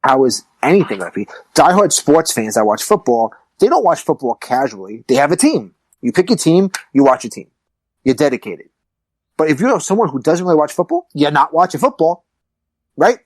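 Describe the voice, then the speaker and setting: A man hosting a podcast in casual chat, talking in an animated, emphatic way that rises to excited peaks. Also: on the high side, a little fast, dry recording, rough recording. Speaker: podcast host.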